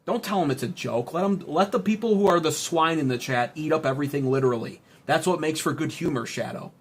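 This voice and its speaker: A man's voice: a little high, fast talker, slightly rough. A man hosting a political livestream, reading chat and ranting in a profane, sarcastic, heated way. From United States. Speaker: political commentary streamer.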